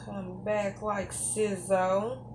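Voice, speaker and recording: Woman cooking at home, talks slow and chatty, kinda country drawl, bit of room noise. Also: medium pitch, little pitch movement. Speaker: cooking channel host. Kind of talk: casual cooking demo.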